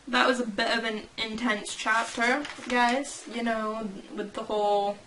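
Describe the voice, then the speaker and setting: A woman's voice: on the high side, flat delivery, measured pace, fairly bright tone, slight background noise, poor audio. A young woman hosting a fan channel, reading and reacting in a casual, rambling way, giggling and stopping to correct herself.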